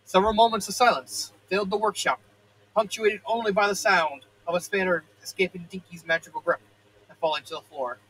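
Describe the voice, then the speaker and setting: A man's voice: high-pitched, fairly even intonation, brisk, fairly bright tone, a little hiss or hum, rough recording. A man in his thirties reading fan fiction aloud, often stumbling, correcting himself and breaking into joking asides. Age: 30s.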